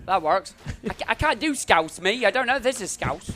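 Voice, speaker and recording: A man's voice: sits high, lively intonation, brisk, pushed and bright, soft background music. A man giving upbeat live commentary as he speedruns, talking through each move as he plays.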